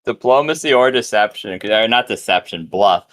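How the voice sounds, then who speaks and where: A man's voice: on the low side, expressive, normal speed, fairly bright tone. A man narrating and ruling as game master of a tabletop game, loose and chatty with fillers.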